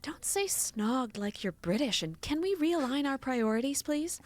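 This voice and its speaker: A woman reading a novel aloud, voicing a flustered young woman caretaker who turns bossy and exasperated in shrill, rising outbursts. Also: expressive, unhurried, no echo.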